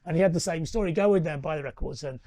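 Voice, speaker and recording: A man's voice: fairly high pitch, very fast, dark tone, no room sound. A middle-aged man, telling rambling anecdotes as a guest in a live interview and tagging his points with questions. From northwest England. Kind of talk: live on-stage interview chat.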